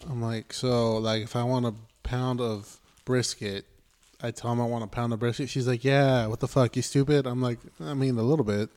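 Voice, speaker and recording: A man's voice: mid-range voice, fairly even intonation, normal speed, darkish tone, clean tone. A man telling crude, joking stories in casual podcast chat, acting out what people said. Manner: crude, joking storyteller who acts out quotes.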